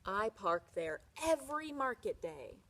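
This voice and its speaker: Woman doing a gruff, grumbling old husband. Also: medium pitch, big pitch swings, measured pace, slight background noise. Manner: gruff, loud outbursts. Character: grumpy impatient old husband, shouting at everyone.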